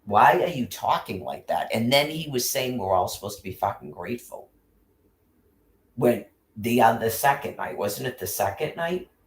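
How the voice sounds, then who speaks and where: A man's voice: medium pitch, lively intonation, normal speed. Angry, swearing man in an echoey room. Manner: angry, profane, rambling with restarts. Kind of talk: casual rant. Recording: roomy echo.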